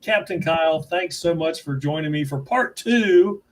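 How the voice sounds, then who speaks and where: A man from West Virginia hosting a casual livestream, telling chatty stories and cracking dry, dark jokes. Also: on the high side, expressive, a little slow. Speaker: toy reviewer, livestream host.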